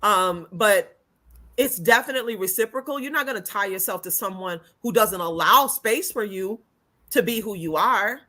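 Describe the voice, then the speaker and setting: Bright-voiced upbeat woman guest. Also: mid-range voice, normal speed. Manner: upbeat, affirming, chimes in with agreement. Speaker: guest speaker. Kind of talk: casual chat.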